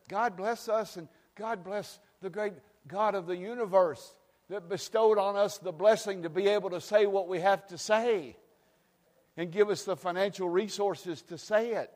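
Pastor, male, high voice, impassioned sermon delivery that runs hushed to shouting, long church reverb. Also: normal speed. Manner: fiery, swings from hushed to shouting. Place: church sanctuary.

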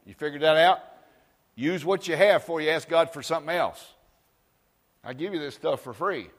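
Folksy preacher in a reverberant hall. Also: male voice, a little high, normal speed. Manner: folksy storytelling, asks the crowd for amens. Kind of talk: folksy sermon. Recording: long reverb in a large hall.

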